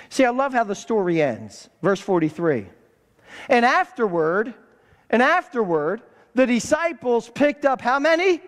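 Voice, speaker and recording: In a church sanctuary, a pastor with a high-pitched, animated voice preaches a sermon at a moderate pace. He calls for responses from the congregation and repeats words for emphasis, with the reverb of a church hall around him.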